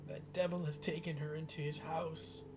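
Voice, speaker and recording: A man's voice: fairly high pitch, flat delivery, normal speed, noisy background, pitched above the performer's own voice, close to an everyday voice. A man voicing a frail old mother, half-mad with grief, who wails and repeats her words in despair. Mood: grief-stricken.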